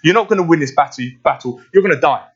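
A man's voice: a little high, lively intonation, quick pace, husky, highs cut off. A man preaching who acts out a young male shepherd taunting a giant in a bold, emphatic voice. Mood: defiant.

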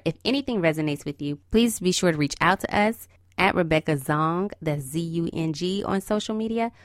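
A woman's voice: fairly low pitch, dry recording, clean studio sound. A woman hosting a podcast, talking straight to her listeners in a cheery, encouraging and sassy way, with a smile in her voice. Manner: cheery, smiling voice. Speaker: podcast host. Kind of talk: upbeat podcast intro and interview.

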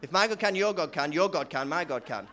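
A man's voice: fairly high pitch, lively intonation, a little fast, a bit bright. A male pastor preaching in a loose, conversational way, repeating himself and leading the congregation in call-and-response. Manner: conversational, repetitive, lots of restarts. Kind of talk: sermon.

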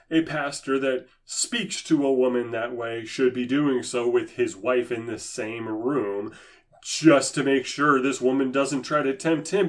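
A man giving impassioned religious commentary, sarcastic and emphatic in a preachy manner. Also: medium pitch. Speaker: Christian commentator.

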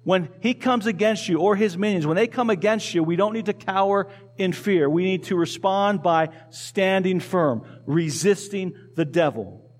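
A man's voice: sits high, moderate pace. A male pastor preaching a sermon in a conversational way, asking the congregation questions and repeating key phrases. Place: church.

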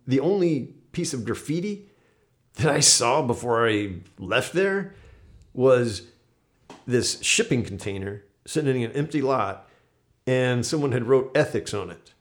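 Brief: mid-pitch guy, rambling host, swearing and filler-heavy. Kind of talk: casual chat.

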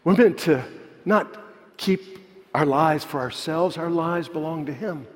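A man preaching a sermon, moving between animated preaching and soft, quiet storytelling. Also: on the high side, a little slow. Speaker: pastor. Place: church sanctuary. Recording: long hall reverb.

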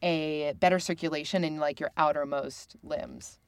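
Young woman guest, talkative explainer, low-ish pitch, dry studio mic. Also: steady tone, smooth, no echo. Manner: chatty, quick explainer. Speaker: podcast guest. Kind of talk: casual studio chat. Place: recording studio.

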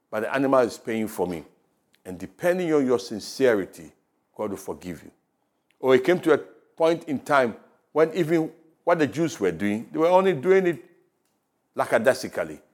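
A man with a Ghanaian English accent preaching a sermon, with rising emphasis and quiet drops. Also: medium pitch. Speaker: pastor. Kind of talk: radio sermon. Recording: radio broadcast.

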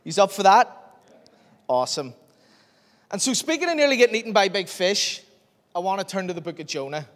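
A man preaches in a church hall, telling stories with animated energy and acting out every line of dialogue. His voice sits a little high, and a long reverb trails behind it. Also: fast. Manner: lively, animated storyteller who acts out dialogue. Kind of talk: storytelling sermon.

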